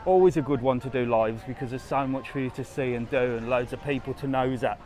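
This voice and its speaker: Brisk and darkish in tone, this medium-pitched male voice belongs to a travel vlogger and live-stream host giving a casual walking tour on a resort street outdoors. He chats easily, addresses viewers straight on, and reads their comments aloud in a relaxed way.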